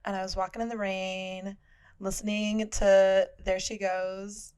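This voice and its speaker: A young woman co-hosts a podcast in relaxed, casual conversation. She tells stories with expression at a middle pitch, and sometimes drops to a hushed voice to voice her own thoughts. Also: a little slow, clear, resonant tone. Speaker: podcast co-host. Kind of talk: casual chat.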